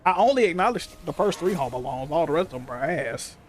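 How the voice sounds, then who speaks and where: Streamer, young man, high voice that swings wide, profane and animated storyteller. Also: fast talker. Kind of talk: casual stream chat. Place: home room.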